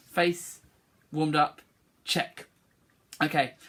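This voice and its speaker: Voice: medium pitch, fairly even intonation, drawn-out words, a bit bright. A music teacher leading an online singing lesson for schoolchildren, encouraging and demonstrating phrases for the class to repeat.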